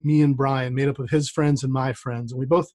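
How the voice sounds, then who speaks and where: A man's voice: mid-range voice, little pitch movement, fairly quick, darkish tone. A man telling a personal story on a streamed storytelling show, chatty and self-deprecating, with many restarts. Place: remote setup with a rained-on playground backdrop.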